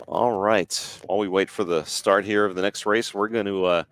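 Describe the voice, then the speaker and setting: Guy doing play by play at a regatta, lowish voice, laid back, dry mic. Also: steady tone, fairly bright tone, smooth, no echo. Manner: easygoing, agreeable, fills with quick asides. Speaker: play-by-play commentator. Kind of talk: sports broadcast commentary.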